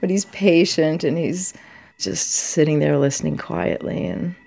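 A woman's voice: sits low, a little slow, creaky, a little mellow. A middle-aged woman telling a personal story, emotional and vivid, quoting herself as she goes. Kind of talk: personal story told to an audience.

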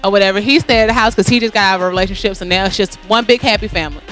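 A woman co-hosting a podcast, telling a profane story with lively acted-out quotes. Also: medium pitch, very fast, soft background music. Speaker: podcast co-host. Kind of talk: casual storytelling chat.

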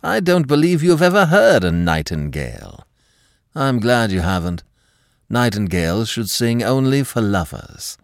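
A man's voice: medium pitch, sing-song, unhurried, creaky, dry recording, clean studio sound, voice pushed up. A man voicing an affectionate young husband in an audiobook, speaking in a teasing, romantic way. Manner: warm teasing.

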